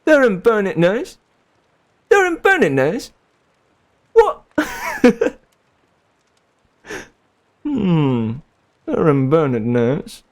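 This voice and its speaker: A man's voice: high voice, wildly swooping pitch, very slow, pauses often, voice pushed up, full character voice. A man putting on a stuffy, clipped British gent. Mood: mock-posh.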